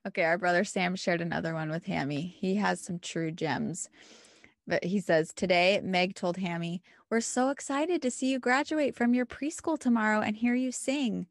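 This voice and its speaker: A woman's voice: medium pitch, moderate pace, no room sound, studio quality. A young woman, a mother of a toddler, co-hosting a podcast and chatting with laughter about her kids. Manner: laughing, chatty mom telling stories. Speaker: podcast co-host. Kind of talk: casual chat.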